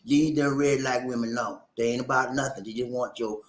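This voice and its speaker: The room echoes around this man's medium-pitched, brisk delivery. He's hosting a casual livestream, reading viewer comments aloud with preachy animation, breaking into laughter and repeating phrases often.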